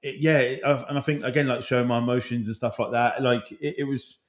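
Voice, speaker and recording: Brisk, candid man in his 40s, podcast host, heavy swearing, rambling and heartfelt. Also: medium pitch, steady tone. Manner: swears often, rambling, emotional. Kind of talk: casual chat.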